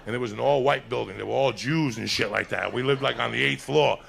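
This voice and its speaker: Gravelly, profane stand-up comedian. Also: male voice, medium pitch, quick pace, fairly bright tone. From Cuba. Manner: profane, rowdy storytelling. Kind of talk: stand-up set. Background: audience laughter.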